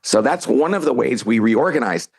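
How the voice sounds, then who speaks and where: Husky-voiced man telling an animated story. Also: medium pitch, normal speed. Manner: animated storyteller, acts out quoted lines. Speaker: podcast guest, author and CEO. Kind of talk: storytelling in a casual interview.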